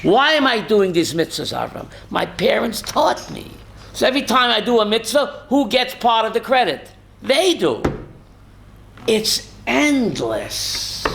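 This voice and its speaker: This high, gravelly male voice comes through over some background noise. He's a rabbi leading a Torah lesson, questioning students by name and recounting stories with feeling while mixing in Hebrew and Yiddish terms.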